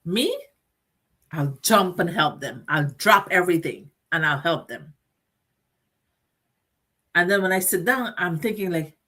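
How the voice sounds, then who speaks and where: A woman's voice: on the low side, a bit bright, breathy edge. A middle-aged woman hosting a motivational talk show, speaking earnestly and directly to her listeners and repeating phrases for emphasis. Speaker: host.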